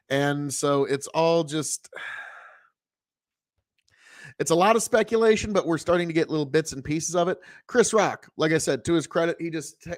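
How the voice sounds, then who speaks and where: Man, fairly high voice, dry close sound, casual commentary, blunt, profane, rambling. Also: no echo. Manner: blunt, heavy swearing, rambling asides. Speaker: podcast host.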